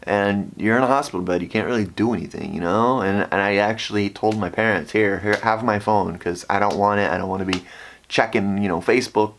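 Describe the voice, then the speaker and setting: A man with a fairly low voice tells a personal story straight to the camera in an easy, chatty way. He gets animated and jumps into the voices of the people he quotes. He sounds like a vlogger in his thirties speaking in a room lit by a ring light. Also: fairly quick, slight background noise.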